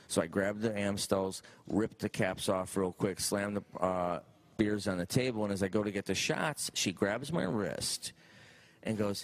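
Deep-voiced man telling a comic story. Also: normal speed. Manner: animated, acts out quotes. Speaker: comedian. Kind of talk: stand-up storytelling.

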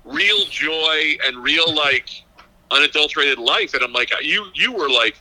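Bright-voiced comedian calling in by phone. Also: male voice, fairly high pitch, expressive, a little slow. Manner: rambling, self-mocking, enthusiastic. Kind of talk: casual chat. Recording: phone line.

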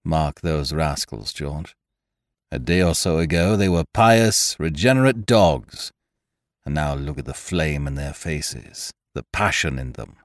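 A man's voice: rumbling low, lively intonation, a little slow, no echo, clean studio sound. A man voicing a cheerful, mocking pirate captain who gloats over his beaten rivals. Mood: musing. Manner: gloating, blithe, derisive.

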